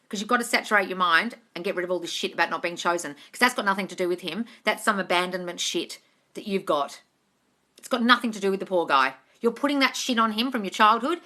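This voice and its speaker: A woman's voice: mid-range voice, brisk, pushed and bright. A woman coach hosting a live question-and-answer stream, talking in a blunt, emphatic way with plenty of swearing.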